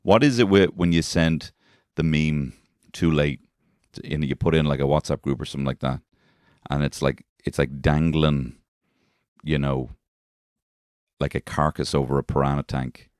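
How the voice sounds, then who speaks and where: An Irish man in his thirties, a comedian hosting a podcast from his shed, rambling and swearing while high on weed. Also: fairly even intonation, moderate pace, darkish tone, clear, resonant tone, no room sound, studio quality. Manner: rambling, swearing, laughing at his own jokes. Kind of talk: rambling comic monologue. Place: garden shed.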